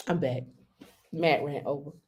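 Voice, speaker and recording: A woman's voice: sits low, husky. A woman hosting a live stream, chatting casually and talking straight to her viewers. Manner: chatty, addresses viewers directly.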